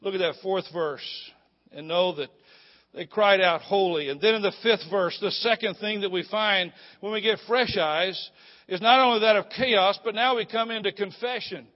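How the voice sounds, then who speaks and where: A man preaching a sermon as a pastor, swinging between loud proclamation and hushed, low confiding. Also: moderate pace. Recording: muffled sound with long hall reverb.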